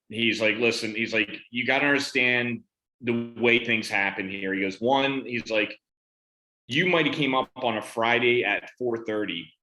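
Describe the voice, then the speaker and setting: A man's voice: fairly low pitch, pushed and bright. A man, a veteran on a panel, casually telling a story about his benefits and retelling conversations in quotes. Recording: roomy echo.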